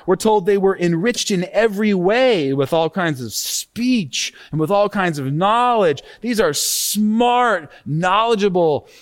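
A man preaching a sermon as pastor, lively and expressive, acting out tones when he quotes scripture. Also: sits high. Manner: animated preaching, acts out sarcastic tone when quoting scripture.

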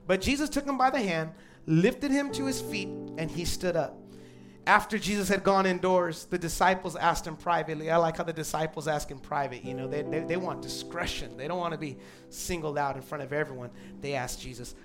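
A man's voice: high-pitched, brisk, music in the background. A man preaching a sermon to a church crowd in a conversational way, with asides to the congregation. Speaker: pastor.

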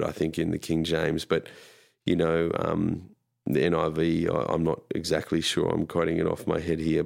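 A man's voice: deep voice, vocal fry. An Australian man, a pastor, chatting as a guest in a rambling, self-deprecating way. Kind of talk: casual conversation.

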